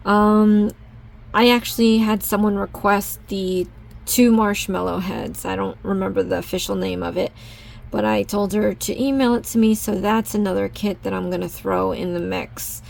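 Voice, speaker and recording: A woman crafting vlogger talking through a casual unboxing haul, gushing and easily excited over each item. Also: medium pitch, normal speed, vocal fry.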